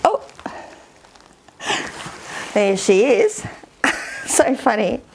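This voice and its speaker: A woman, chatting casually through an unboxing in a rambling, unhurried way. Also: medium pitch, sing-song, vocal fry, a little mellow, slight background noise. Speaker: vlogger.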